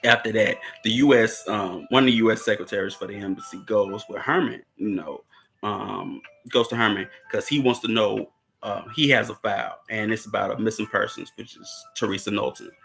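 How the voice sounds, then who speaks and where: A man's voice: on the low side, steady tone, moderate pace, vocal fry, fairly bright tone, faint music behind, rough recording. A man with a Southern US accent casually recapping and discussing a TV series, rambling with lots of fillers and frequent laughs. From United States. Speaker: show host. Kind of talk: casual movie recap and commentary.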